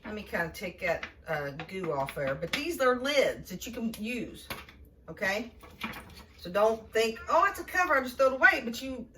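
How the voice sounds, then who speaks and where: A woman's voice: medium pitch, far from the mic, background noise. A middle-aged woman giving a casual home cooking demonstration in her kitchen, chatty and folksy, laughing often.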